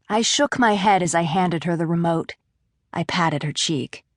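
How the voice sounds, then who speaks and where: A woman's voice: lowish voice, normal speed, dry recording. Dry-voiced woman audiobook narrator. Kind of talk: first-person audiobook narration. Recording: dry close studio mic.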